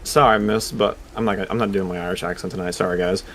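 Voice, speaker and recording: A man's voice: deep voice, steady tone, fast talker, a bit bright, slight background noise, pitched below the performer's own voice. A man voicing a red-haired, bearded boss character in a tabletop game, speaking plainly in his own voice without an accent. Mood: polite. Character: Lou, a red-haired bearded Irish boss, calm host.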